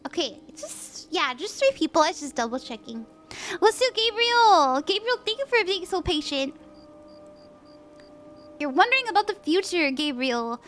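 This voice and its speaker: A young woman reading tarot on a live stream, gentle and reassuring, laughing easily. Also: extremely high pitch. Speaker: tarot reader.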